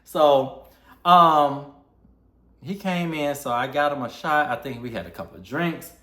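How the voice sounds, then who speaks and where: A man's voice: a little high, unhurried, a bit bright. A young man vlogging a candid personal story, heartfelt and acting out the dialogue he quotes. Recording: roomy echo.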